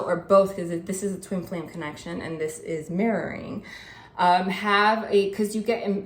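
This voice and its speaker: A woman reading tarot cards to her viewers in an earnest, chatty way, repeating the card meanings and often saying "like" and "okay". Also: medium pitch. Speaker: tarot reader. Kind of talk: casual spiritual reading.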